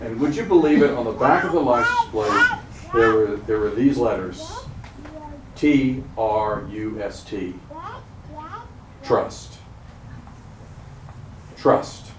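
A man's voice: mid-range voice, animated, measured pace, a little hiss or hum. A middle-aged man preaching a sermon, asking the congregation questions and calling for responses. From Charlotte, North Carolina. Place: chapel. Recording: roomy chapel sound picked up from a distance.

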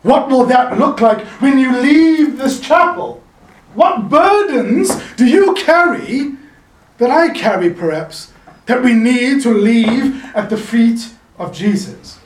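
A man preaching a sermon in a chapel, animated and playful, calling on the congregation to answer him. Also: very high voice, slow. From South Africa. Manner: animated, playful, calls for audience response. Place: chapel in the mountains. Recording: echoey chapel, voice from a distance.

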